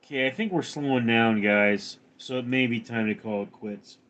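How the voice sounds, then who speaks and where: A man's voice: medium pitch, normal speed, a bit bright. A man hosting a casual livestream, reading viewer comments aloud and answering with jokes. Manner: jokey, answers chat in put-on voices. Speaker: livestream host.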